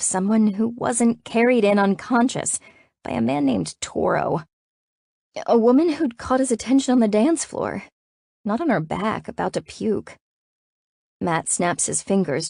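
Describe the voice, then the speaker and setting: A woman narrating a first-person romance audiobook in an expressive way that rises to tense urgency. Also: medium pitch, creaky, no room sound, clean studio sound. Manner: expressive, rising to tense urgency in anxious passages.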